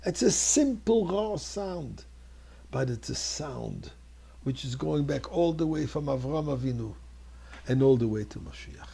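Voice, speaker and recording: Older rabbi with a gravelly, husky voice. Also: male voice, a little high, animated, measured pace, mellow. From Montreal. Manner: earnest, rising to fervent exclamations. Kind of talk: storytelling sermon.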